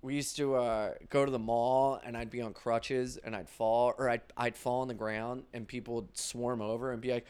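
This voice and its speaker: The speaker is a male stand-up comedian with a mid-range, darkish voice that's clear and resonant. He rambles through stories in a casual monologue, swearing a lot, speaking in quick bursts and acting out quotes.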